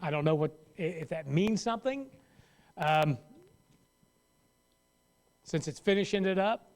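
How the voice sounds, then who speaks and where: A man's voice: on the high side, measured pace, darkish tone. A man pastor teaching a Sunday school Bible lesson in a loose, conversational way, often stopping mid-sentence to restart.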